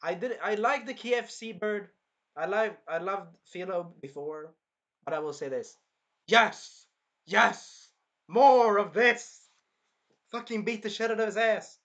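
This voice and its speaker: A man giving a casual anime episode review, excitable, acting out scenes in bursts and swearing freely. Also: high-pitched.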